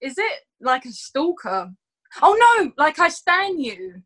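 A woman with a high, bright voice, talking slowly in a casual chat. She hesitates with frequent ums and giggles easily. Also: sing-song.

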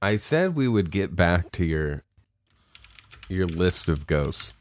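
A man's voice: deep voice, big pitch swings, takes it slowly. Dry, sarcastic man hosting a podcast. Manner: dry, sarcastic, steers the talk. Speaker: podcast host. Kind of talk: casual podcast chat.

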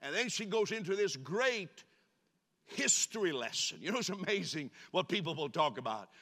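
A man delivers a sermon to his congregation, animated and playful as he teases the crowd. His voice sits a touch high and rings bright and forceful. A long church reverb trails each phrase. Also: normal speed. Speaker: pastor. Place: church sanctuary.

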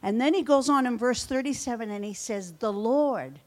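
Woman pastor, high voice, animated sermon delivery, acts out scripture quotes. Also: a little fast. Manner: animated, acts out quoted lines with shifting pitch and loudness. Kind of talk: sermon, reading and explaining scripture.

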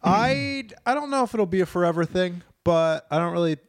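A man's voice: high-pitched, lively intonation, fairly quick, dry recording, studio quality. A young man co-hosting a podcast, chatting casually and profanely, rambling through stories. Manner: loose, profane, rambling storyteller. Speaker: podcast co-host. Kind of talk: casual banter.

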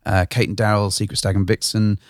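A man's voice: on the low side, little pitch movement, brisk, a little hiss or hum. A man co-hosting a podcast, telling a story in a rambling, casual way and hedging with "sort of". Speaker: podcast co-host. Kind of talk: casual chat.

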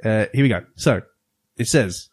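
Animated man co-hosting a podcast. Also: normal speed, breathy edge. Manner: animated, jokey, sudden jumps in pitch. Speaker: podcast co-host. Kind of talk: casual chat, reading a game plot aloud.

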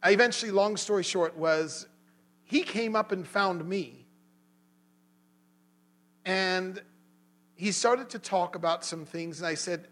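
A man giving an earnest sermon to a small gathering, telling a personal story and growing animated when he retells an argument. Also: high-pitched, slow, pauses often, rough recording. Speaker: lay preacher.

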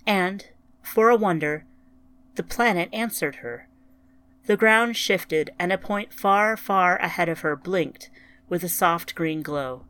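Woman narrator, lower voice, slow and somber storytelling. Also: fairly bright tone.

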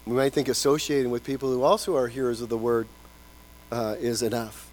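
Animated man preaching a sermon. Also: on the high side, quick pace. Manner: animated preaching, acts out quoted voices, drops to soft emphasis. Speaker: pastor. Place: church.

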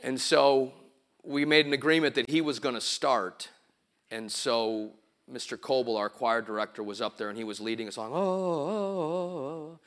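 In a church sanctuary, a middle-aged pastor preaches at a moderate pace, his medium-pitched voice steady and fairly bright. His sermon is built on storytelling, with sounds and quotes acted out, and it climbs toward emphatic preaching.

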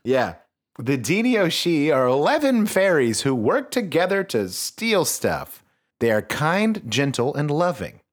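A man's voice: a little high, big pitch swings, unhurried. A man hosting a comedic podcast, reading a children's book aloud with joking asides that drop into mumbles. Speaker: podcast host.

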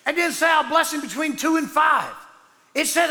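A man, a pastor preaching a sermon in loud excited bursts that drop low and soft. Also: moderate pace. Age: 60s. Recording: long hall reverb.

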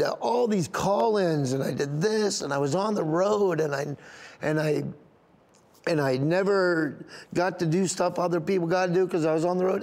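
A man's voice: high-pitched, a little mellow, long reverb tail. A man, a comedian, telling a rambling, emotional story in an interview, often near tears and laughing. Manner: rambling, tearful and laughing as he recalls.

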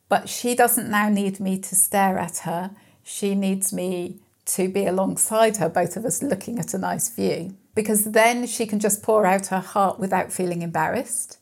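Woman guest, raspy with a gravelly edge, reflective storyteller, interview. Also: mid-range voice, darkish tone. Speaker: mental health guest speaker. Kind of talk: conversational interview.

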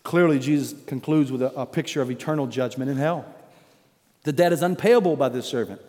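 A man preaching a sermon as pastor, emphatic, rising to loud declarations and dropping low for weight. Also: a little fast, long reverb tail.

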